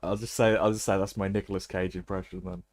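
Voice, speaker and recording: A man's voice: sits low, little pitch movement, a little fast. A man streaming a game, chatting casually and laughing often. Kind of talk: casual gaming commentary.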